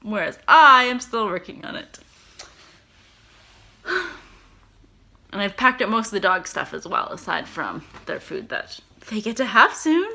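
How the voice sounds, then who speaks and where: A woman's voice: medium pitch, big pitch swings, a little slow, creaky, long pauses, sharp tone. A woman, chatting casually to camera at home in a rambling way with lots of fillers and giggles. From Canada. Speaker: vlogger. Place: home, indoors.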